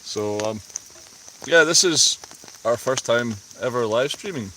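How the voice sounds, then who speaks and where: A man's voice: mid-range voice, expressive, measured pace, bright, forceful tone, low-quality recording. A man chatting casually and a little tipsily on a live stream under a tarp in a rainy forest at night. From Scotland. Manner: chatty, tipsy and laughing easily. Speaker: vlogger. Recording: faint rain noise outdoors. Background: rain on the tarp.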